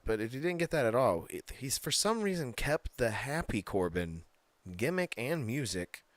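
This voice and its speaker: A man's voice: mid-range voice, no room sound. A man co-hosting a casual wrestling podcast, talking bluntly, swearing freely and laughing often. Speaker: podcast co-host.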